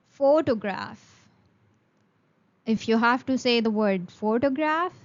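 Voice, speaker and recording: Slow, high-voiced woman teaching English. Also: lo-fi sound. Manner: slow, careful, repeats words for practice. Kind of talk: beginner English lesson.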